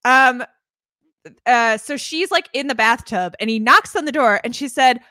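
A woman co-hosting a casual movie podcast, acting out scenes in quick voices. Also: a little high, no room sound, clean studio sound. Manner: animated, acts out scenes in voices. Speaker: podcast co-host.

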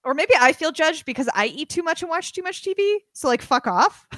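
A woman's voice: high voice, big pitch swings, moderate pace, a bit bright, no room sound, clean studio sound. A young adult woman co-hosting a podcast in a casual, joking chat, swearing freely. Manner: playful, swears, jokey. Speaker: podcast co-host.

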